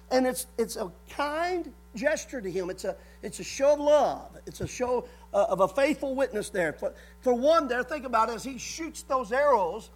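A man's voice: very high voice, husky. A man preaching a sermon in a folksy way, repeating words and briefly acting out the people he quotes.

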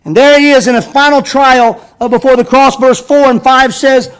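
A man preaching a sermon as pastor, reading scripture slowly and with emphasis. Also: extremely high pitch, fairly even intonation, clean tone.

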